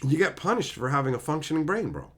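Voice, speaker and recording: A man's voice: a little high, very animated, fast. A man streaming live, ranting with exasperated, profane mockery while reading chat.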